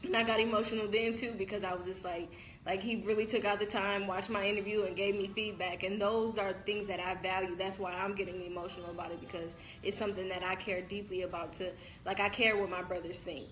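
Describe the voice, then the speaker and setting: A woman's voice: medium pitch, level tone, fast, a bit bright, a little hiss or hum, low-quality recording. Tearful young woman hosting a live chat. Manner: emotional, tearful, thankful, reads comments aloud. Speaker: host. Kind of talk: casual chat on a live video.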